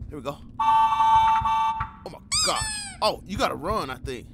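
A man giving loud, excitable commentary while playing a horror game, full of slang and yelling at jump scares. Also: very high voice, slow, very noisy. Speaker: gamer.

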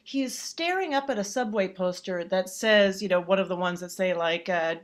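A woman's voice: medium pitch, normal speed. A woman podcast host telling a funny story in casual chat, acting out the people she quotes.

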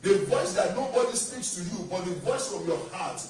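Male pastor, high voice, declamatory sermon delivery, recorded from a distance in a very echoey church. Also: expressive, normal speed, darkish tone, slight background noise. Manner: declamatory preaching with call-and-response. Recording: echoey church hall from far off.

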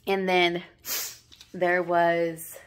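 Woman, low voice, tearful, sniffling, halting, apologetic fillers, emotional devotional vlog. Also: level tone, smooth. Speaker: vlogger sharing devotional reflections. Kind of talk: emotional devotional vlog, reading journal aloud.

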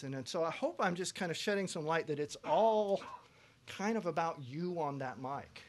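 A man teaching a pop vocal production masterclass to students, lively, breaking into loud sung examples. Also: fairly high pitch, moderate pace. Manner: animated, belts out sung examples.

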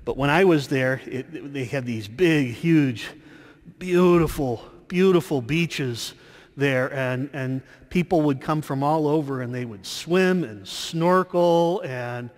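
Slow-speaking priest in a reverberant church. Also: male voice, mid-range voice. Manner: slow storytelling homily with fillers and restarts. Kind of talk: sermon. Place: large church.

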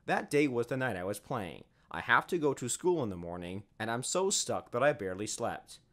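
A man's voice: mid-range voice, very animated, moderate pace. A man narrating a first-person story in a scripted storytelling manner.

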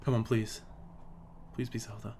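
A young man giving live reaction commentary, excitable and pleading, swearing often. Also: on the low side, moderate pace, vocal fry, slight background noise. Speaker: video host reacting to a game trailer.

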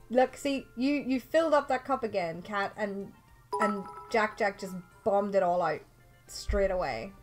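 A young Irish woman chatting casually through a game livestream, excitable and talking to her viewers and the game characters. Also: medium pitch, unhurried, faint music behind. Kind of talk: casual let's play commentary.

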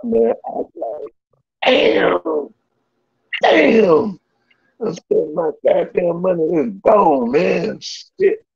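A man tells stories in loose, slangy casual talk, his voice gravelly and swinging widely in pitch. The sound is dry and a bit dull, like a lo-fi recording. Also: no room sound. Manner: animated, loose slangy storytelling with big pitch jumps and laughs. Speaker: guest storyteller. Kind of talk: casual storytelling.

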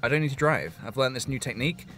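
A man's voice: mid-range voice, lively intonation, quick pace, pushed and bright. A young man with an Australian accent hosting a playful, jokey behind-the-scenes vlog. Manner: goofy, playful, self-amused. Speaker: YouTube creator. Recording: music playing behind the voice. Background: background music.

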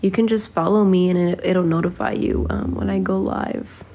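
A woman in her twenties chats casually on a home live stream, reading viewer comments aloud into a phone held at arm's length and singing snatches of a song. Her voice is lowish and mellow with vocal fry, a steady tone and normal speed, and a little hiss or hum sits in the background.

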